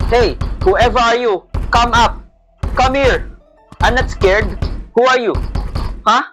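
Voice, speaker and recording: A man commenting on a horror game as he plays, jumpy and excitable, yelping at scares. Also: very high voice, slow pace, soft background music, low-quality recording. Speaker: gamer playing a horror game. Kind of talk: let's play commentary, mixing Tagalog and English.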